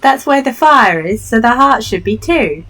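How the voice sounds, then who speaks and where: A woman's voice: fairly high pitch, animated, normal speed, fairly bright tone, voice pushed up. A woman voicing a cheeky young child who is stubborn and accusing in a childish, insistent way.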